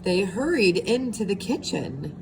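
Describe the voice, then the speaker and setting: Lively, slow-reading woman teacher. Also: mid-range voice, creaky. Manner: expressive, asks the children questions. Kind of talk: storybook read-aloud for young children. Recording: steady background hiss.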